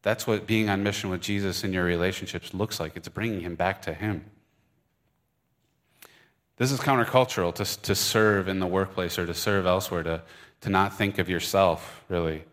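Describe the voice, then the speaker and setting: Man pastor with a Michigan accent, low-pitched, informal and earnest from the pulpit. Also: fairly even intonation, moderate pace, a bit bright. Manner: conversational, earnest, with fillers and restarts. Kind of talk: sermon. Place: church service. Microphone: microphone.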